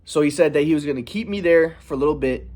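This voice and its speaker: A young man telling a personal story in a vlog, earnest and aggrieved, stressing how calm he stayed. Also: on the high side, fast. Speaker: vlogger.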